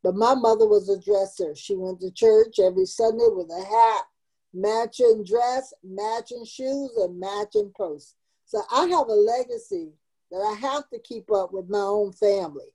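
A woman's voice: medium pitch, a little slow, mellow, slightly rough, rough recording. A woman in her seventies, a community founder, telling her life story in an interview with earnest, emotional emphasis. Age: 70s.

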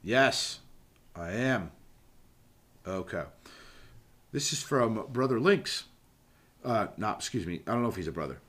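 Rambling, profane podcast host. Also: male voice, lowish voice, expressive, measured pace, pauses often, a bit bright. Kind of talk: casual podcast chat.

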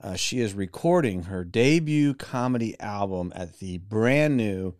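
Animated male podcast co-host. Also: fairly low pitch, measured pace, no echo, clean studio sound. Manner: animated, jokey, introduces guests. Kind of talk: casual podcast chat.

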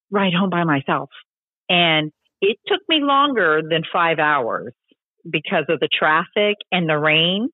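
A woman telling stories as a podcast guest, animated and chatty, acting out the voices of people she quotes. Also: deep voice, no echo. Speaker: podcast guest, long-distance motorcycle rider. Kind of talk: casual storytelling interview. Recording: tinny phone-like line, dry.

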